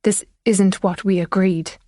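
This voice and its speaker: A woman narrator voicing a calm, steady grown son who speaks slowly to soothe his mother. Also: mid-range voice, no room sound, clean studio sound, close to an everyday voice. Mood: placating. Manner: slow and placating.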